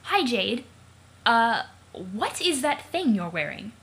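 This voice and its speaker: A woman's voice: fairly high pitch, very animated, slow, a bit bright, breathy edge, heavily acted. A woman voicing a prim young woman who speaks formally and precisely, for a let's play of a comic. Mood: polite.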